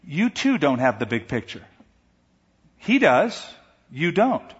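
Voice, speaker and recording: A man preaching a sermon, animated and slowing down to stress key words. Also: a little high, breathy edge. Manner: animated, slows down for emphasis. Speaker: pastor. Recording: echoey hall, dull sound.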